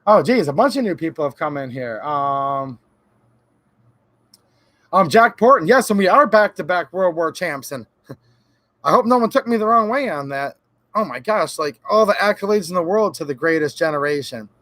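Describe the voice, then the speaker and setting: A high-voiced man rants heatedly into a close microphone during a live stream. His sarcasm runs through everything, and he mocks the voices of the people he argues against. The room sounds dry and dead. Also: lively intonation, moderate pace, a bit bright, no room sound. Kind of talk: ranting live-stream talk.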